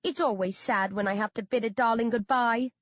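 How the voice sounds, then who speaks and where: A woman voicing a creepy grown man who coos and croaks over children, in an audiobook. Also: fairly high pitch, steady tone, brisk, no room sound, dull audio, natural voice. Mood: creepy cooing. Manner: cooing, croaking.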